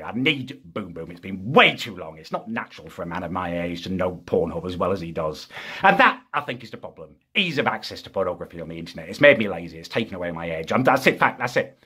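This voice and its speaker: A man's voice: low-pitched, sing-song, fast talker, sharp tone, breathy edge, full character voice. A young British man playing a petty, self-pitying vlogger who rants in a whiny, aggrieved way, always tagging on "right?". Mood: ranting. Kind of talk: ranting comedy character vlog.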